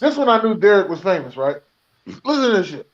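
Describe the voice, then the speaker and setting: A podcast host telling a story casually, animated, profane and full of laughter. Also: mid-range voice, a little fast, lo-fi sound.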